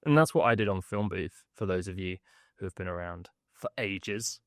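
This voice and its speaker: A man, hosting a podcast where he reads his newsletter email aloud, lively, with jokey asides and frequent laughs. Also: low voice, moderate pace, no room sound, studio quality. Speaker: host.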